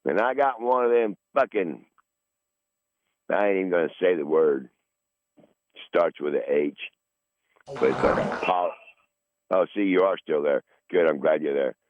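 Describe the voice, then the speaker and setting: A man's voice: low-pitched, animated, measured pace, long pauses, dry recording. A man in his sixties hosting a podcast, talking in a casual, rambling monologue full of profanity and repeated words. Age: 60s. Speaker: podcast host. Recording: dull lo-fi dry recording.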